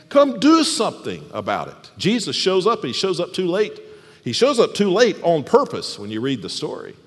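A man preaching a sermon as pastor, animated, often dropping soft and low for emphasis. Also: breathy edge. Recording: long hall reverb.

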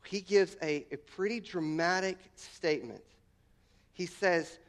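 A man's voice: sits high, unhurried. A man preaching a sermon, building emphasis through repeated phrases and stumbling restarts. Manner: emphatic, repeats words, voice rises on key lines. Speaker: pastor.

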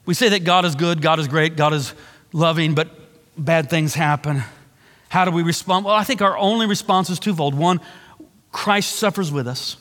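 A man's voice: fairly high pitch, normal speed, fairly bright tone, in a large hall. A man preaching a sermon, with earnest, repeated emphasis and a preacher's cadence. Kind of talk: sermon-style teaching on a book.

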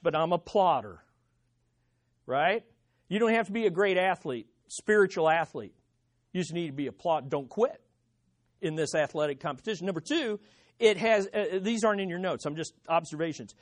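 Speaking at medium pitch, this preacher works through an expository sermon, alternating loud passages with hushed ones for emphasis and asking the congregation rhetorical questions.

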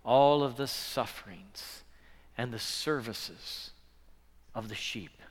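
A man preaching a sermon as pastor, earnest, moving between hushed passages and loud, swelling ones. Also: medium pitch, takes it slowly, big-room sound.

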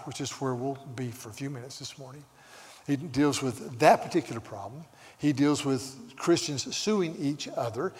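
An older man from the South, preaching a sermon as a pastor and moving from quiet storytelling asides to loud, emphatic scripture reading. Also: medium pitch. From Southern United States. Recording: long reverb of a large hall.

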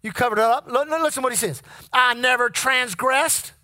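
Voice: sits high, normal speed, pushed and bright. A preacher giving a sermon, reading scripture in old King James wording and calling on the congregation to repeat phrases back, often repeating words while building up a point. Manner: call-and-response with the congregation.

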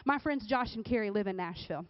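A woman giving a casual, conversational sermon, often checking in with the crowd with a quick "right?". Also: mid-range voice, animated, no echo. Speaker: speaker at a church or youth service. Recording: dull, dry recording.

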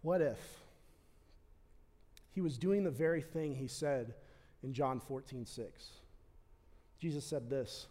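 A male pastor preaching a sermon in a church, building to loud, passionate peaks and then dropping to a quiet, intimate tone. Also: takes it slowly, pauses often. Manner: impassioned, swells louder and higher at key points, then drops quiet. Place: church hall with long reverb. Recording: reverberant church hall.

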